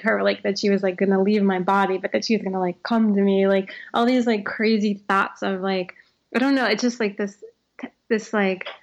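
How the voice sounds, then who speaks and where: Heard over a lo-fi recording, this thirtysomething woman has a gravelly, mid-range voice. She's an author guest in an interview, reflecting aloud, saying "like" constantly, restarting her sentences, and laughing frequently.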